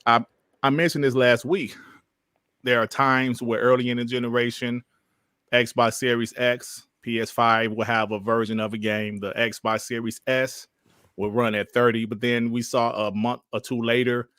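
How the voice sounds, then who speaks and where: A man hosts a casual gaming podcast, reading super chats and viewer messages aloud in a laid-back, slangy way and laughing often. His medium-pitched voice is fairly bright, clear and resonant, with a flat delivery at a moderate pace. The recording is dry with clean studio sound.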